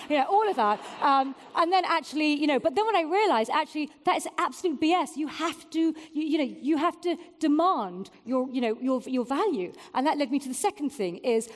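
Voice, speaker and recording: A woman's voice: high voice, lively intonation, fairly quick, few pauses, in a large hall. A woman in her forties giving a candid, self-mocking conference talk with frequent fillers. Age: 40s. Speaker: keynote speaker. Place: event venue before an audience.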